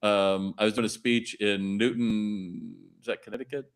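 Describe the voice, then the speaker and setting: A man's voice: lowish voice, normal speed, clear, resonant tone. A middle-aged man, a retail consultant, chatting as a podcast guest and acting out shop dialogue in his stories. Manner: animated storyteller acting out dialogue. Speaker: retail consultant and keynote speaker.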